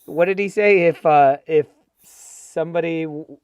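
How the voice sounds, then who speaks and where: A man's voice: fairly high pitch, measured pace, a little mellow, smooth, no room sound, studio quality. Joking American man on a call. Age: middle-aged. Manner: joking, laughs often. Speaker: co-host of a football fan show. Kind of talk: casual chat.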